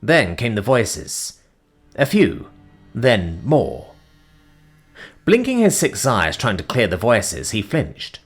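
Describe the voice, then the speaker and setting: Expressive male story narrator. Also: fairly low pitch, slow, long pauses, slightly rough, faint music behind. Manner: dramatic, expressive.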